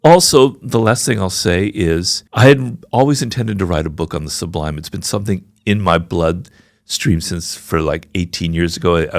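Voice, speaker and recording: A man's voice: sits low, vocal fry, dry recording, clean studio sound. A man in his sixties speaking frankly and reflectively as a guest in a conversational interview. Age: 60s. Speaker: podcast guest, author.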